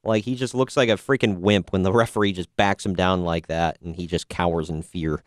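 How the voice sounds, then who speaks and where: A laid-back man chatting casually on a podcast, sarcastic and quick to laugh. His voice is smooth and resonant, recorded close and dry with no room sound. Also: low-pitched, steady tone, no room sound. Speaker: podcast host reviewing wrestling. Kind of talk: casual chat.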